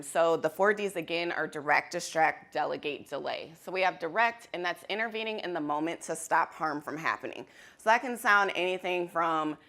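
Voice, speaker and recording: Woman, workshop facilitator, low gravelly voice, candid and animated, conference room. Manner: animated, candid, laughs easily. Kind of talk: interactive workshop talk.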